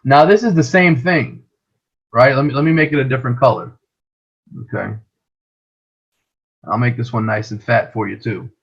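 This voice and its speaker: A man's voice: medium pitch, moderate pace, pauses often, breathy edge, lo-fi sound. A man teaching a trading lesson over a shared screen, explaining patiently and often checking in with "right?".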